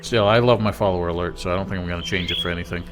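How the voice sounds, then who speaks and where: A man streams a game live and thinks out loud in a relaxed, chatty way, peppering his talk with "like". His voice sits on the lower side. Game music hums faintly underneath. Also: very fast. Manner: musing aloud, chatty, lots of "like". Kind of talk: casual live-stream commentary.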